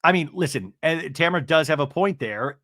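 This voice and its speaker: Animated, chatty male podcast host. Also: on the high side, moderate pace, no room sound, clean studio sound. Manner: chatty, animated, full of "like" and "you know". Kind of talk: reality TV recap commentary.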